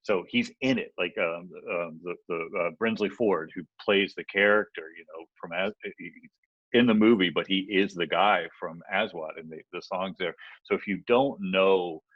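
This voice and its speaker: A man's voice: sits low, moderate pace, dry recording, dull audio. A man co-hosting a podcast, chatting casually and rambling with many fillers and restarts. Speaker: podcast co-host. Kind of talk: casual chat.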